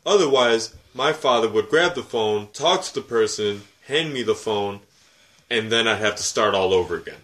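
A man's voice: on the low side, moderate pace. Foul-mouthed man ranting on a podcast. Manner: profane, animated ranting. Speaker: podcast co-host. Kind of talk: casual podcast chat.

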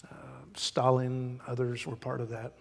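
A man's voice: mid-range voice, monotone, unhurried, creaky, big-room sound. A man preaching a sermon in a church, folksy and emphatic, sometimes mimicking people to make a point. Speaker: pastor. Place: church sanctuary.

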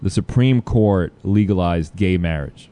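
A man with a low, dark and mellow voice hosts a loose comedy podcast conversation. He rambles, jumps from topic to topic and breaks into laughter as he tells stories. His delivery is loose and chatty. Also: unhurried. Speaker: podcast host. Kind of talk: casual comedic chat.

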